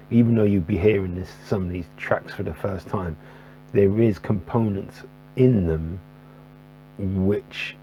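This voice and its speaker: A man's voice: fairly low pitch, warm tone, muffled recording. A man talking casually about his jazz record collection in a rambling way, full of fillers and restarts. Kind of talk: casual to-camera talk. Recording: faint electrical buzzing hum.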